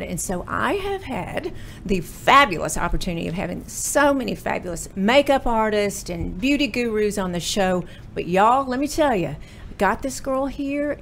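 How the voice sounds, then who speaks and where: A woman's voice: on the high side, slight background noise. A woman hosting an interview show, bubbly and effusive, gushing over her guest. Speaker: podcast host. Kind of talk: casual interview chat.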